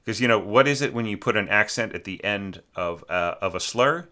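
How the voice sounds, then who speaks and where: Deep-voiced, chatty man critiquing a score. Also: animated, fairly quick, sharp tone. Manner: chatty, full of fillers, sings phrases to illustrate. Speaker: orchestration teacher reviewing student scores. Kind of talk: informal spoken critique of a score.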